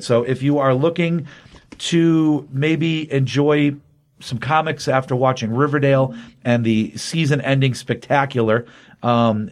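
A male comics podcast host walks through a plot in loose, rambling chat full of fillers. His voice sits at an average pitch, and his energy is easygoing and enthusiastic.

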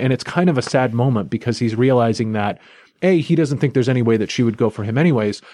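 A man's voice: medium pitch, darkish tone, dry recording, clean studio sound. A man casually recapping and reviewing a comic book in a chatty, enthusiastic, loosely told way.

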